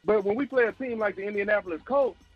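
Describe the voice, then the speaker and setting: Breathless guy on a call-in, highish pitch, kinda muffled line. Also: fast talker, slightly rough, soft background music. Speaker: caller. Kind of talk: call-in sports talk. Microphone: phone line. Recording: dull lo-fi phone call.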